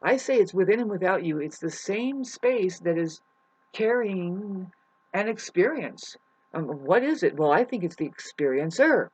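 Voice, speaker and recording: A spiritual vlogger rambling through a monologue to camera, full of restarts and sudden loud mocking outbursts, swearing casually. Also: medium pitch, expressive, unhurried, husky, rough recording.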